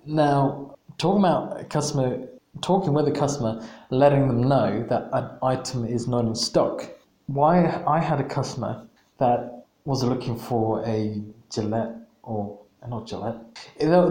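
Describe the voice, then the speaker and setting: A man's voice: mid-range voice, mellow. Roomy-sounding man telling a work story. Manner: halting, repeats words, laughs at himself. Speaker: podcast host. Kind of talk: casual storytelling monologue. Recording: roomy echo.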